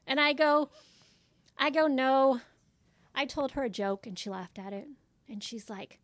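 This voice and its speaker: Front desk woman, blunt and exasperated, fairly high voice, dry close sound. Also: moderate pace, no echo. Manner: blunt, exasperated storytelling acting out dialogue. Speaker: medical office front desk worker. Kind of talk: casual chat.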